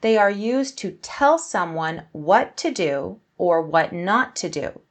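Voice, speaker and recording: Woman teacher, young adult, calm and deliberate, reads example sentences aloud with expression. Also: lowish voice. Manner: clear, measured, explanatory delivery with acted example sentences. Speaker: English teacher. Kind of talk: scripted grammar lesson.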